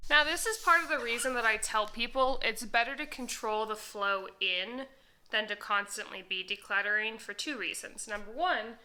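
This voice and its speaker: A young woman talks through a home vlog in a bright, clear voice, chatty and quick to laugh. She sounds a little out of breath as she goes, and her words come out crisp and lively. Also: a little high, rough recording. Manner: chatty, laughs often, exclamatory. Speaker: vlogger. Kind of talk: casual decluttering vlog.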